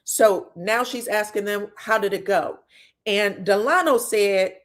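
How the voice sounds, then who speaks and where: A woman's voice: medium pitch, a little slow. A woman recapping reality show drama in casual chat, acting out the quotes with frank, profane energy.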